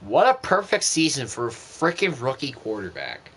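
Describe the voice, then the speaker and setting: A man's voice: medium pitch, huge pitch swings, moderate pace, fairly bright tone, husky. A young man streaming a football video game, giving casual gameplay commentary in an exasperated, ranting way.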